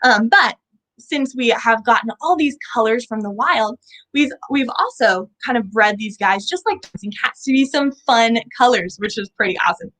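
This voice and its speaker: Cheery lady teaching little kids about lizards, sing-songy, kinda high voice, keeps asking questions. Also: moderate pace, fairly bright tone, rough recording. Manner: bubbly, sing-song, asks children questions. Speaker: children's animal educator. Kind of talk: kids' lesson. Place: indoors at an animal center.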